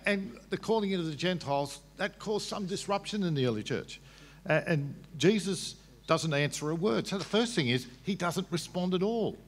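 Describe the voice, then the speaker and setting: Man explaining scripture in a reverberant hall. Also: on the high side. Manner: explains scripture patiently, halting restarts. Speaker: debater. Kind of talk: public debate answer.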